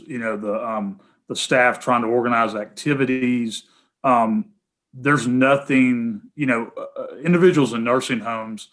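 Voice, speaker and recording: A man with a Tennessee Southern accent, a guest speaker taking questions over a video call in an earnest, halting way. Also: mid-range voice, fairly bright tone. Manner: many fillers and restarts, earnest. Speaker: guest speaker, healthcare association head.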